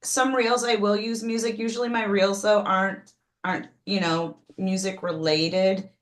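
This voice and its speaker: A woman coaching a team on a video call, energetic, with frequent "um"s and restarts. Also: medium pitch, normal speed. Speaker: team trainer leading a call. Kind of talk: casual group video call.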